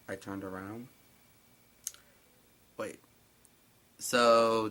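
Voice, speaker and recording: A man's voice: fairly low pitch, fairly even intonation, slow pace, long pauses. A man reading a creepy story aloud and breaking off with sarcastic, exasperated comments. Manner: sarcastic, exasperated asides between hushed reading. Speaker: narrator.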